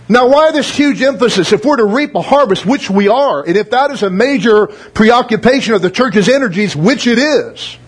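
A middle-aged male pastor preaching a verse-by-verse sermon, reading scripture aloud with emphasis and adding conversational asides to the congregation. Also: high-pitched.

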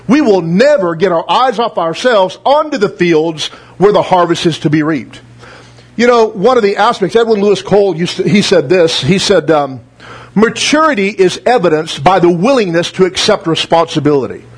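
A man's voice: sits high, breathy edge. A middle-aged male pastor preaching a verse-by-verse sermon, reading scripture aloud with emphasis and adding conversational asides to the congregation.

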